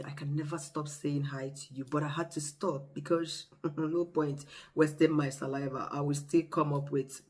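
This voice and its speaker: A vlogger with a Nigerian accent talking casually to camera, telling stories in a lively, expressive way. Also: medium pitch, breathy edge. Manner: expressive, animated storyteller.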